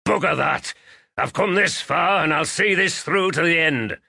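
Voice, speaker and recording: A man voicing a big, gruff middle-aged farmer who speaks bluntly and defiantly. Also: on the low side, animated, takes it slowly, bright, forceful tone, no room sound, studio quality, exaggerated voice.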